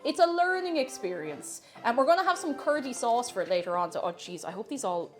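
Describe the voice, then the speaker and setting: Chatty Irish woman with a lively, high voice. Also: a little fast, soft background music. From Ireland. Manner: chatty, playful, self-mocking, laughs often. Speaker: cooking streamer. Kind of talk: casual live-stream cooking chat.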